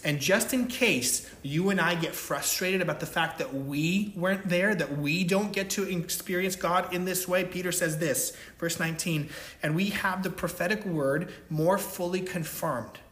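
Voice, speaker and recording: A man's voice: high-pitched, normal speed, a bit bright, roomy sound. A man preaching a sermon, emphatic, stressing his points and checking in with "right?". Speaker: pastor.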